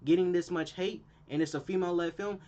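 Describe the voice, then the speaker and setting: Young man, channel host, animated slangy rant, fairly high voice, muffled lo-fi sound. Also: quick pace. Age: young adult. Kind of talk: casual opinion rant.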